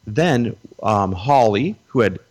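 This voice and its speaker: Man, middle-aged, interview guest, animated storyteller, low voice. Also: slow pace.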